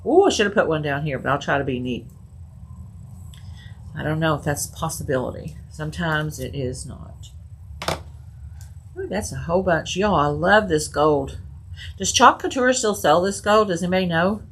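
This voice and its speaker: A woman's voice: low-pitched, expressive, normal speed, pauses often, slight background noise. A woman hosting a casual crafting video, chatting and giggling with her viewers as she works. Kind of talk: casual live crafting chat.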